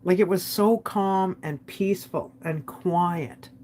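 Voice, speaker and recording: A woman's voice: lowish voice, slow pace, a little mellow, a little hiss or hum. A woman candidly retelling a family loss in a personal vlog, with frequent fillers and quoted dialogue. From Canada. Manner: candid, emotional retelling with many "like"s. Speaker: vlogger. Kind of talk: personal storytelling.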